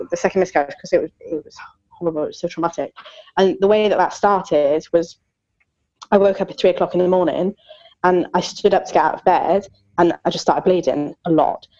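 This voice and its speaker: A woman's voice: on the low side, darkish tone, highs cut off. A woman in her thirties chatting candidly as a podcast co-host, open and talkative with lots of fillers and self-mocking jokes. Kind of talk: candid casual chat.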